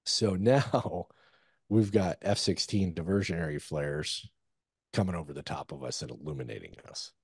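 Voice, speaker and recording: A deep-voiced man speaks at a moderate pace, animated, with vocal fry and a breathy edge. He's a guest on an interview, a former Army Ranger, casually telling a war story in a loose, profane way packed with fillers. The studio-quality audio has no echo.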